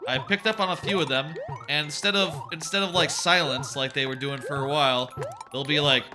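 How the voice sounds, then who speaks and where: A man's voice: fairly high pitch, fairly even intonation, brisk. A young man streaming a video game, chatting casually and rambling, swearing freely and stumbling over repeated words. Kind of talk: casual chat while playing a video game. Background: game music.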